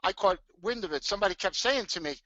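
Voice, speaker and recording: A middle-aged man hosting a live trading webinar from his home, talking in an excitable, hyped way full of restarts. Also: high voice, quick pace, no echo. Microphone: webcam mic. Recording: dull lo-fi webcam audio.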